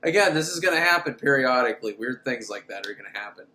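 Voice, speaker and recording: A man's voice: medium pitch, lively intonation, fast talker, pushed and bright, echoey room, slight background noise. A man recapping a horror film in a crude, sarcastic way, laughing at his own jokes. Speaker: film reviewer. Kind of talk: casual comedic movie recap.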